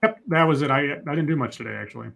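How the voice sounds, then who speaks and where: Higher-pitched man in casual chat. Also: racing, vocal fry, a bit bright. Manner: dry, brief agreeing replies. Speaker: podcast co-host.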